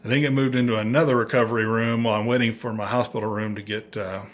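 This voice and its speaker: A man's voice: fairly low pitch, fast talker. Man telling a story with dry humor. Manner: animated, acts out others' lines; dry, self-mocking humor. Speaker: vlogger. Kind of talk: casual storytelling.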